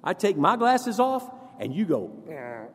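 A man preaching a sermon as pastor, leading the congregation through verses in an animated way. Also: high-pitched, moderate pace, breathy edge, in a large hall.

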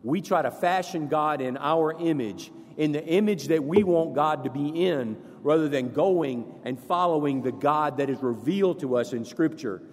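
A man preaching a sermon as pastor, leading the congregation through verses in an animated way. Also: fairly high pitch, moderate pace, hardly any pauses, big-room sound.

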